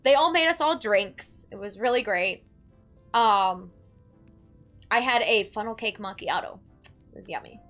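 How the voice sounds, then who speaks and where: A woman telling a story casually to her chat, animated and dramatic in her ranting. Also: medium pitch, unhurried, long pauses, faint music behind. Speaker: streamer.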